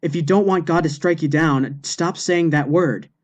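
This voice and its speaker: A man's voice: fairly high pitch, moderate pace, muffled recording, close to an everyday voice. A man voicing a prim nun who pleadingly scolds her companion. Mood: reproachful. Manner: pleading, reproachful.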